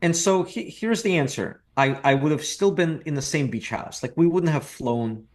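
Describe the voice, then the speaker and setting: A man's voice: on the high side, normal speed. A middle-aged man from Russia, a real estate investor talking as a podcast guest in a reflective, repetitive way with dry jokes. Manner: reflective, repeats words, dry joking. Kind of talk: casual interview talk.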